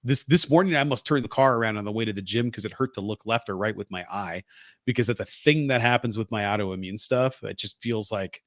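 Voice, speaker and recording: A man's voice: lowish voice, fast, no room sound, clean studio sound. A man co-hosting a podcast in casual chat, telling stories in a chatty, self-deprecating way while getting over a cold. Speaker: podcast co-host.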